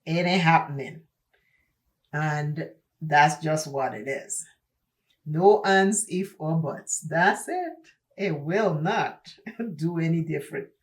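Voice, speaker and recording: A woman's voice: low voice, slow. A woman with an accent, talking while doing her makeup in a chatty get-ready-with-me vlog, emphatic and preachy, repeating herself for stress. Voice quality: speaks with an accent. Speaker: beauty vlogger.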